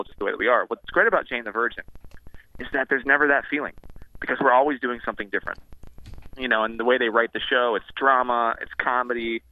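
A man's voice: lowish voice, no echo. A man, an actor, chatting upbeat as a guest on a radio show by phone while boarding a plane. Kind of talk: phone interview. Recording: tinny phone line.

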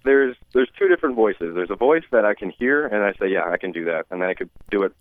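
A man who does impressions, as a guest on a radio show, talking easygoing and halting by phone. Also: lowish voice, expressive, no room sound. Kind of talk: casual radio interview. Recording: tinny phone line.

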